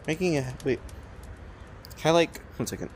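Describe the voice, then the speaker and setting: A man giving let's-play commentary, rambling and excitable, swearing often and talking to himself as he plays. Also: on the high side, moderate pace, a little hiss or hum. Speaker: gamer playing a cooking game.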